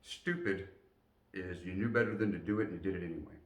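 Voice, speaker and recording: A man telling a personal story in an animated way, acting out the voices of the people in it. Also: deep voice, fast talker. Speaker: motivational storyteller. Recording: roomy echo, distant mic.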